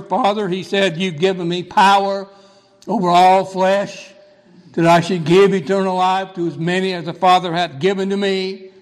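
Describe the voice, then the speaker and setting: Give me a man preaching a sermon with emphatic repetition, a slightly raised voice in a reverberant hall. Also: a little high. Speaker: pastor.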